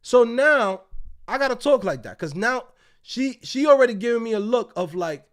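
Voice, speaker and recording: A man's voice: lively intonation, normal speed. A man hosting a livestream, telling a story in casual, profane, swaggering talk and acting out the other people's lines. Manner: acts out quoted voices in a raised pitch. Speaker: host. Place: Tampa, United States.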